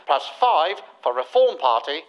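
A man's voice: a little high, big pitch swings, a little slow, highs cut off, very noisy. An actor playing a male party leader who speaks in the sing-song delivery of a recorded phone message in a satirical radio sketch. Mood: chirpy. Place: studio before a live audience.

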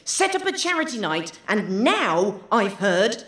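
A woman's voice: mid-range voice, sing-song, a little slow, a bit bright, roomy sound. An actress playing a sassy, sarcastic young woman activist in a radio comedy. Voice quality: sarcastic, theatrical announcer.

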